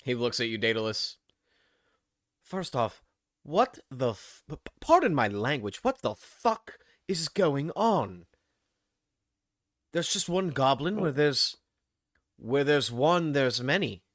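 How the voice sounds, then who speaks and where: A man's voice: medium pitch, big pitch swings, unhurried, long pauses, a bit bright, no echo, studio quality. A man playing a tabletop game, wry and suspicious while speaking for his character. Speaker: player.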